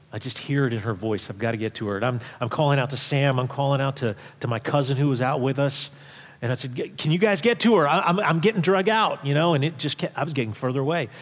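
A man preaching in a church service, telling a personal story in a conversational way, with restarts, going quiet at tense moments. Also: mid-range voice, long reverb tail. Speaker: pastor. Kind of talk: sermon storytelling.

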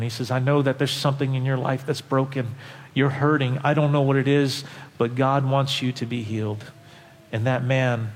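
A man's voice: mid-range voice, a little hiss or hum. Impassioned male preacher in a reverberant hall. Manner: impassioned, swings from quiet to loud. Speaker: pastor. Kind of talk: sermon.

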